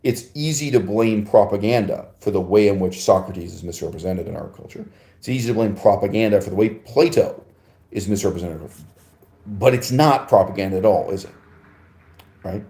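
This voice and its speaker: A man with a low, mellow voice delivers a rambling philosophical monologue as a podcast host, answering a listener's email. He punctuates his points with laughs and a rhetorical "right?", and his voice rings in an echoey room. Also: normal speed. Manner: digressive and emphatic, with frequent laughs and rhetorical "right?".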